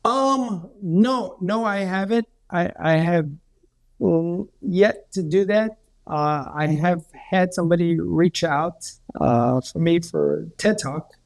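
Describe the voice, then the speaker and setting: A man with a high-pitched voice, a healer appearing as a podcast guest, tells a story slowly. His casual storytelling rambles, with many repeats and restarts.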